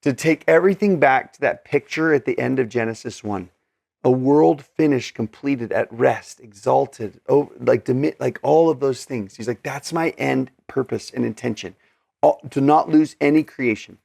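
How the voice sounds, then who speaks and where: A man's voice: mid-range voice, normal speed, creaky, a little mellow, no echo, studio quality. A man teaching scripture in an earnest, conversational way, with many fillers and restarts. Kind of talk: casual scripture study talk.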